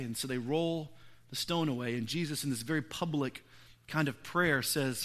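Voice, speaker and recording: A man's voice: medium pitch, normal speed, a bit bright. A man preaching a sermon, retelling a scripture story in casual, conversational paraphrase. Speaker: pastor.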